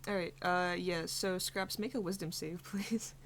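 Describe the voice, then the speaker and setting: Woman narrating a tabletop game, slow and halting, a bit low, faint hiss behind. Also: fairly even intonation. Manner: slow, hesitant with many fillers. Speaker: game master.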